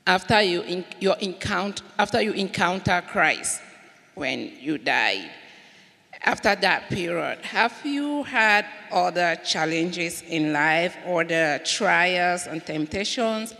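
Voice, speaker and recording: A high-pitched man with a gravelly, bright voice asks a question from the audience. He speaks very slowly and keeps stopping to restart. Long hall reverb surrounds him. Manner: halting, restarts and coughs. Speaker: audience member asking a question.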